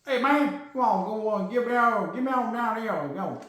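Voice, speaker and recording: A Texan man who mumbles and slurs his words in a quick, tumbling ramble, as a podcast host puts him on. His voice sits high, and it rings around a very echoey room. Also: expressive, fairly bright tone. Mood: rambling. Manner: rapid slurred mumbling. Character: fast-mumbling Texan man doing a cartoon-style voice.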